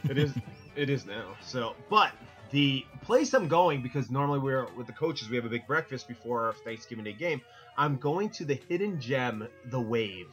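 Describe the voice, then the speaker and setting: A man's voice: mid-range voice, lively intonation, normal speed, a bit bright, faint music behind, poor audio. Rambling, jokey middle-aged man. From Connecticut, US. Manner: rambling, jokey, self-interrupting. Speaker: podcast co-host. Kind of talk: casual roundtable chat.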